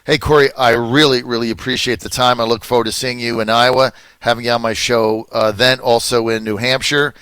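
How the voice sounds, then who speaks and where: A man hosting his own radio talk show, animated and emphatic. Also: medium pitch, brisk, few pauses, clear, resonant tone, dry recording.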